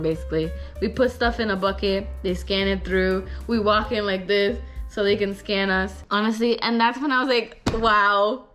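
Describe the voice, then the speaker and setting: A young woman vlogger telling a story, animated and expressive, swearing casually. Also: medium pitch. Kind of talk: story time vlog.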